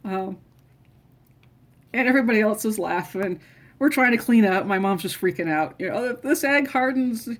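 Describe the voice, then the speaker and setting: A woman's voice: mid-range voice, normal speed, long pauses. A middle-aged woman casually telling family stories, rambling and often restarting her sentences. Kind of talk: casual personal storytelling.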